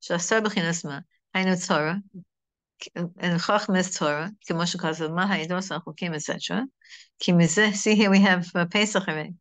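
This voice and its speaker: A woman's voice: on the low side, fairly quick, fairly bright tone. A middle-aged woman teaching a Torah class in a conversational, digressive way, mixing in Hebrew terms.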